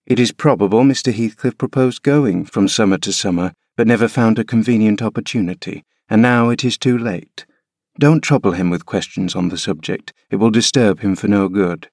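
A man's voice: lowish voice, moderate pace, darkish tone, dry recording, studio quality. A man voicing a sensible, motherly housekeeper who speaks steadily and reasonably. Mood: reasoning.

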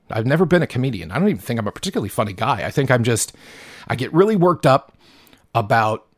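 A man's voice: medium pitch, no echo, clean studio sound. A man hosting his own podcast, ranting in a profane, worked-up way with frequent stumbles and restarts. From Pacific Northwest of the US. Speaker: podcast host. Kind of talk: solo podcast monologue.

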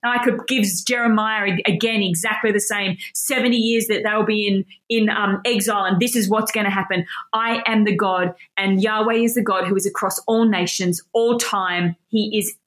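A woman teaching from the Bible with real passion, reading scripture aloud in between her comments. She talks emphatically and insistently, and her enthusiasm runs high. Her voice sits at an ordinary middle pitch for a woman. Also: fairly even intonation, normal speed, few pauses, fairly bright tone.

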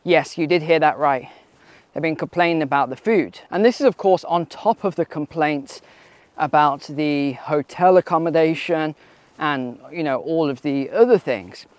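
Male vlogger, somewhat high pitch, relaxed talk on a hike, filler-heavy and questioning. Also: a little slow, no echo. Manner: conversational, rhetorical questions, frequent fillers. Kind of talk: casual commentary while walking outdoors. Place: outdoors on a mountain trail.

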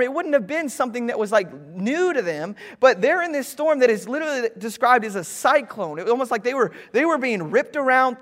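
Man, pastor, sermon, high voice, animated asides, reverberant church hall. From Florida, US. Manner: animated, jokey asides to congregation. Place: church stage, large hall.

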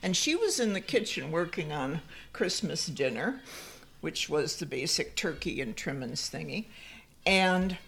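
A woman's voice: sits low, vocal fry, slight background noise. An older woman co-hosting a podcast, telling family stories in a casual chat. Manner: slow, animated storyteller. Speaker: podcast co-host.

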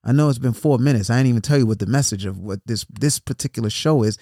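A fast-talking New York City man with a mellow, mid-range voice hosts a podcast and also works as a motivational speaker. In this casual solo episode he chats conversationally, repeating words and often asking "right?" The studio-quality recording has no room sound.

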